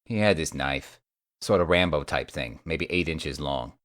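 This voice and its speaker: A man voicing a battered young male mage who talks in a croaky voice, blunt and profane. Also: a bass voice, unhurried, a bit bright, dry recording, studio quality. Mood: weary.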